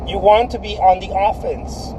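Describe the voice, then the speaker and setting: A man with a fairly high voice talks casually to his livestream viewers, giving a painter's career advice. He is emphatic, repeats his phrases and keeps calling the listener dude. Faint traffic noise sits behind him. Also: normal speed.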